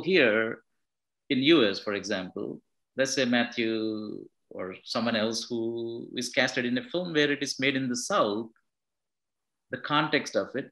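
Heard on poor audio, a film director with a medium-pitched, somewhat bright voice gives a thoughtful interview answer. As he explains, he repeats words and restarts his phrases.

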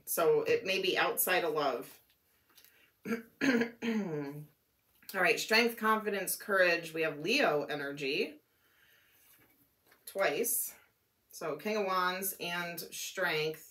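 A woman reading tarot cards aloud, musing and thinking out loud as she goes, her voice a little worn and hoarse. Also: lowish voice, slow pace, long pauses. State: losing her voice. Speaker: tarot reader.

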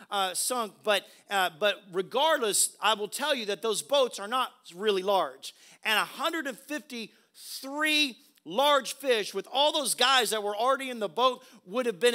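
Man, pastor, sermon, very high voice, emphatic preaching. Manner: emphatic preaching, swinging from quiet asides to loud exclamations.

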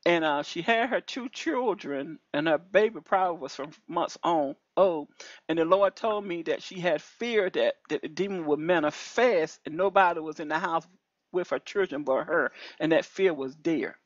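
A woman minister giving an animated testimony over a phone call, preachy and repetitive, her voice leaping high when excited. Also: moderate pace, no echo. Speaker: deliverance minister. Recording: dull lo-fi call audio.

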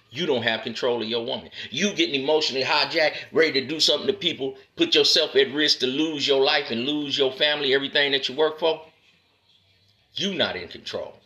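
A man giving a preachy monologue to other men. He talks in a street style, keeps calling the listener "man" and "brother," and moves between loud, punchy lines and low, drawn-out asides. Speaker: motivational speaker addressing men. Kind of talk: preachy direct-to-camera monologue.

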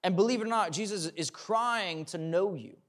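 A man's voice: sits high, normal speed, a bit bright. A young man, a pastor, telling a personal story in a sermon, acting out the dialogue and then preaching earnestly.

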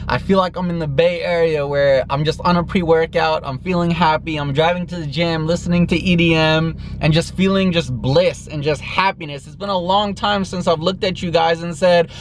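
A man's voice: fairly even intonation, moderate pace, hardly any pauses, slight background noise. A young man chatting casually in a vlog at home, playful and laughing easily. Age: young adult. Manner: playful, laughs often, coaxing high voice with his dogs. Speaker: vlogger. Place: at home, later in a car.

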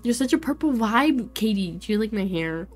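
A woman's voice: a little high, lively intonation, normal speed, soft background music. A woman in her twenties chatting casually and bubbly with viewers while streaming a game, laughing often. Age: 20s. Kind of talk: casual livestream chat while playing.

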